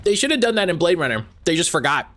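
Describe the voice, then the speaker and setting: A man's voice: fairly high pitch, sing-song, quick pace, a bit bright. A man casually commentating while livestreaming a game, rambling and chatty and laughing easily. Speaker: livestream gaming host.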